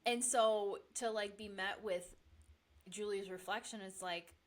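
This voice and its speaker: A woman's voice: mid-range voice, steady tone, unhurried. A woman chatting casually as a podcast guest, laughing often and using many fillers. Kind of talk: casual chat.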